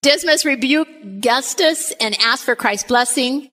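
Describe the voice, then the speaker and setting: Woman bible teacher, higher voice, calm explaining, reads verses out, long echoey hall. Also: a little slow. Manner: explains calmly, reads Scripture passages aloud. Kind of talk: Scripture study lecture.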